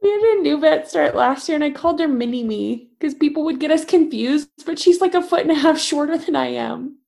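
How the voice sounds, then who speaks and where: Gravelly-voiced woman telling lively stories. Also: high-pitched, a little fast. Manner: animated storyteller, acts out quotes. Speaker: veterinarian. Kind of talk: casual podcast chat.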